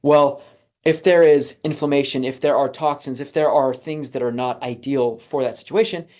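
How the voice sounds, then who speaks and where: A physician presenting health slides to viewers in a relaxed, conversational way, with frequent fillers and restarts. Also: male voice, medium pitch, moderate pace.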